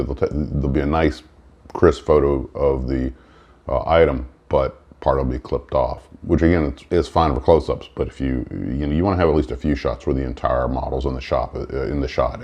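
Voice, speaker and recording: A man's voice: rumbling low, darkish tone, dull audio. A man hosting a casual morning vlog about model building, who rambles with many fillers and restarts. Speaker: model-building channel host.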